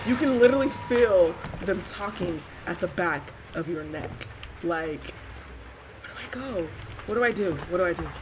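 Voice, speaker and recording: A woman's voice: on the low side, lively intonation, normal speed, noisy background. Jumpy, swearing woman gamer. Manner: jumpy, swearing, shrieking when scared. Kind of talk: let's play commentary.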